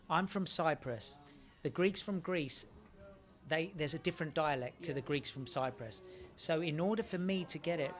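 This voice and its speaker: Chatty Australian man, fairly high voice. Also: a bit bright. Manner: chatty and friendly, repeats and restarts phrases. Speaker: actor interviewed as guest. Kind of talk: casual press interview at a premiere.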